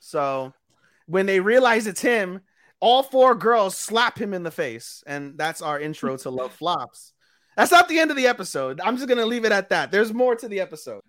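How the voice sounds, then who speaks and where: A podcast co-host in loose, casual chat, recapping an anime plot in a crude, profane, rambling way. The voice sits at a middling pitch, neither high nor low. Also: sing-song, normal speed, fairly bright tone.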